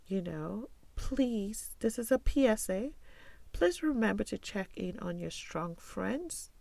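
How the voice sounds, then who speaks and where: Heavily gravelly woman podcast host. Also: medium pitch, no room sound. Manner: earnest and confiding, often asks "right?" and "you know". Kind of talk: candid podcast monologue.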